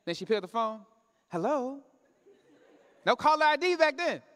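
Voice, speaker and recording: A man, chatty and teasing, pausing to quiz the congregation. His words ring out through a church hall with a long, trailing reverb. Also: very high voice, sing-song, a bit bright. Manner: conversational preaching with call-and-response questions. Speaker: pastor. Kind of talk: sermon. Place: church sanctuary.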